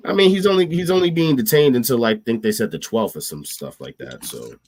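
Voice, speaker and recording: A man's voice: medium pitch, lively intonation, fairly quick, darkish tone, no room sound. A man hosting a podcast in casual chat, with a sick, wheezy voice and a slangy, laid-back way of talking. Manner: laid-back, slangy, lots of "you know what I'm saying". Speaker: podcast host.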